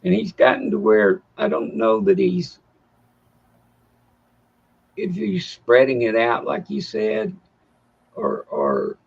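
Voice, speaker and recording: A man's voice: high-pitched, wildly swooping pitch, takes it slowly, vocal fry, long pauses, husky, highs cut off. A man co-hosting a casual livestream chat, drawling and easygoing. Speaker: co-host.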